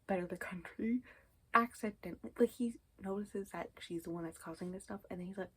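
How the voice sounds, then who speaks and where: Husky-voiced chatty woman book vlogger. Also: mid-range voice, a little fast, fairly bright tone, low-quality recording. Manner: chatty and rambling, with frequent whispered asides; says 'um' and 'anyways' often. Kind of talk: casual reading vlog chat.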